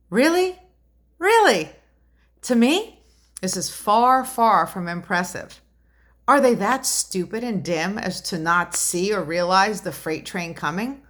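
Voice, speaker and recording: A woman's voice: on the low side, fairly bright tone. A woman delivering a political commentary monologue to her viewers, indignant and rhetorical, with emphatic repeated questions. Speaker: commentary vlogger.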